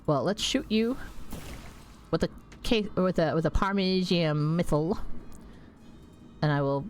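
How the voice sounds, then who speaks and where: Woman streamer, low-ish voice, rambling and sweary casual chat. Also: unhurried, a little mellow, faint music behind. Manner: rambling, swears freely, laughs at herself. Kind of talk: casual chat while playing a game.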